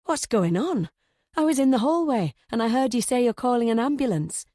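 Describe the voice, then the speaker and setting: A worried young man, voiced by a woman reading the part who speaks quickly and anxiously. The tone stays mellow and close, in a dry, tight sound. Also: on the high side, expressive, dry recording, pitched above the performer's own voice. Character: concerned young man, the aunt's nephew.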